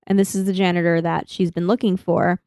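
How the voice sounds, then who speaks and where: A woman's voice: fairly low pitch, flat delivery, brisk, darkish tone, dry recording, clean studio sound. A woman co-hosting a podcast, recapping a story in casual chat and giggling. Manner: recaps plot with acted-out quotes, giggly. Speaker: podcast co-host.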